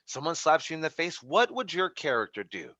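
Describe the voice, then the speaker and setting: Man, wrestling coach, video call, bright fairly high voice, rambling with fillers, dry dull lo-fi audio. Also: sing-song, a little fast, no room sound. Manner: rambling, many fillers and restarts. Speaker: wrestling instructor. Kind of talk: class feedback over video call.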